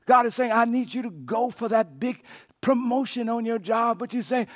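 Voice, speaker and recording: A man preaching a sermon as pastor, telling a story with dramatic rises and hushed repeated words. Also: extremely high pitch, fairly quick. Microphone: podcast recording of a sermon.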